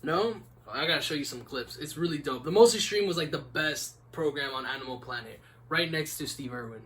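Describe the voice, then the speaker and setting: A man's voice: on the high side, brisk, a bit bright, a little hiss or hum. Rambling young man on a podcast. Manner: laid-back, rambling, lots of "like" and "man". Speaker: podcast host. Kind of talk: casual chat.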